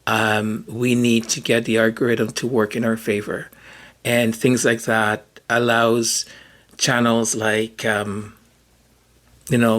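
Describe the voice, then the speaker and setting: A man's voice: medium pitch, fairly bright tone. A man hosting a podcast in a casual, rambling, hesitant monologue. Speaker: podcast host.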